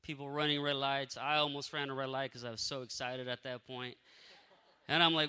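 A man telling a faith testimony in a lively, casual way, acting out what people said. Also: medium pitch, moderate pace, clear, resonant tone, long reverb tail. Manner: energetic, animated storyteller who acts out what people said. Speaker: speaker sharing a faith testimony.

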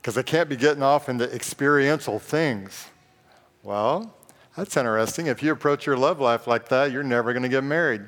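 A pastor preaching a sermon in a conversational, joking way and reading scripture aloud. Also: male voice, mid-range voice, moderate pace, a bit bright. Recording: long reverb of a large hall.

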